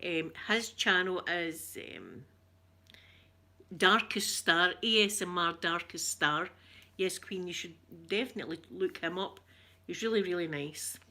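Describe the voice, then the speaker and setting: A woman's voice: fairly low pitch, unhurried, bright, forceful tone. A middle-aged woman with a Scottish accent chatting casually with her live viewers, rambling, laughing often and greeting them by name. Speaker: ASMR livestreamer reading viewer comments.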